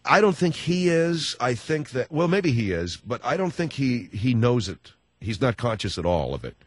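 A man hosting a talk radio show, chatting with callers in a rambling, halting way full of fillers and restarts, joking and slipping into mocking voices. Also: medium pitch, very animated, breathy edge, no echo. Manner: jokey, breaks into mocking voices.

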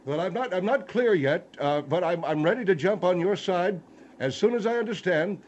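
A man voicing a slow-to-follow panelist who sputters out confused questions. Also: sits high, animated, darkish tone, lo-fi sound, slight background noise, pitched above the performer's own voice.

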